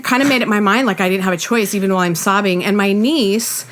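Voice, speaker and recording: A woman's voice: mid-range voice, fast. A middle-aged woman, a podcast guest, telling a personal story in casual chat and acting out the voices of the people in it. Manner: animated storytelling with acted quotes.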